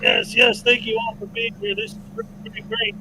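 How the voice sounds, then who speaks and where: A man hosts a loose, chatty livestream, wandering from topic to topic and laughing easily. His voice sits high and very bright, with a faint hiss under it. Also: very animated, a little fast, poor audio. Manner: chatty, rambling, laughs often. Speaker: host. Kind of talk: casual livestream chat.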